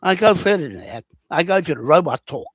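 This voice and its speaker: A man, talking rough and combative on a livestream, rambling and repeating himself as he answers comments. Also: a little high, animated, brisk, dry recording.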